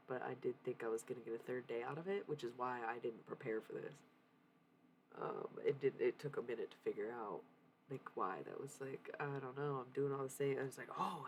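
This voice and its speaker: A woman's voice: a bass voice, creaky, a little mellow, slight background noise. A young woman livestreaming, talking candidly in a casual confessional way, swearing freely and laughing often.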